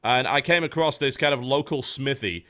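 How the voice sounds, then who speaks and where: A man's voice: medium pitch, normal speed, a bit bright. A man, a podcast host telling a story in casual chat, dry and understated.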